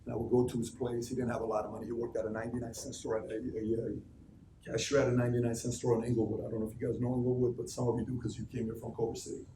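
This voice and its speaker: A man speaks to an office crowd in an animated, emphatic way, firing questions at the room. His voice sits at an ordinary pitch and echoes off the walls. It is picked up from a distance, with faint noise behind it. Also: racing. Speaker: motivational speaker addressing a team. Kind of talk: live motivational talk to an office crowd. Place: office meeting space. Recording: echoey room, recorded from far off.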